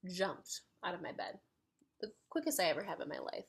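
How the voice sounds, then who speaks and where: Brief: female vlogger, gravelly fry, husky edge, chatty and excitable storyteller. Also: on the low side, fairly quick. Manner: excitable, chatty, heavy use of "like". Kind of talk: casual storytelling.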